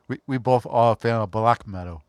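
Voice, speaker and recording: A man speaks as a guest on a casual podcast, stumbling over repeated words and protesting when teased. His pitch is medium, and the recording is dry and close. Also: a little fast, darkish tone, clear, resonant tone, dry recording. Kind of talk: casual chat.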